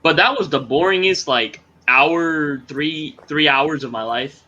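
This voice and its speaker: A man's voice: fairly high pitch, a little slow, sharp tone, muffled recording. A young man chatting casually with friends, easygoing and drawling. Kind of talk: casual chat.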